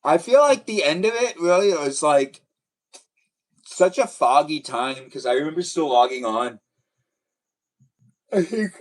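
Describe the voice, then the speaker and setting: A man's voice: on the high side, animated, measured pace, long pauses, distant mic, poor audio. A man hosting a casual livestream, rambling and tired, with lots of filler words. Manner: chatty, rambling with many likes and restarts. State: tired, yawning. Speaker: livestream host.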